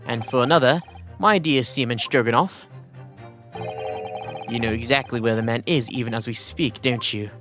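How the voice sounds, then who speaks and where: A man voicing a theatrical, eccentric gentleman detective who speaks in grand, flowery phrases. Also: normal speed, pauses often, music in the background, close to an everyday voice. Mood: grandiose. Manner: grandiose, flowery, swooping up high.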